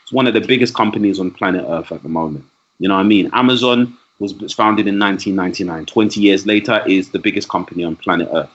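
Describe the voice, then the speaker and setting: A man's voice: deep voice, quick pace. A man talking as a podcast guest, a teacher and trainer who explains his points with lists and asides in casual conversation. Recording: dull lo-fi audio.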